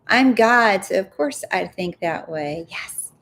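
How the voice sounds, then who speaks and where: A middle-aged woman hosting a live Q&A, talking casually and emphatically and stressing her repeated affirmations with lively energy. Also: mid-range voice, slow pace. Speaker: host of a live Q&A coaching session. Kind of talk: casual live-stream talk reading viewer comments.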